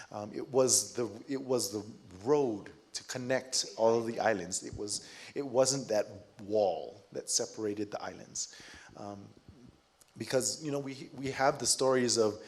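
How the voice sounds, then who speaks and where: A man from Hawaii talking on a panel, earnest and halting, often restarting his phrases. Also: medium pitch. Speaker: fiber artist and cultural advisor, panel speaker. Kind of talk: panel conversation.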